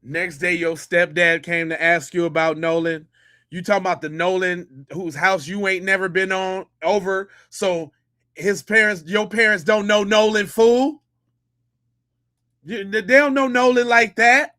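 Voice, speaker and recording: A man's voice: high voice, steady tone, unhurried, sharp tone. A man hosting a podcast, a former police officer giving slangy, incredulous reaction commentary.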